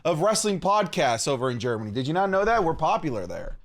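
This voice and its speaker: A man from Canada co-hosting a podcast, talking in an excitable, animated way and often saying "dude". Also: on the high side, fast talker. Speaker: podcast co-host. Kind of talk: casual chat.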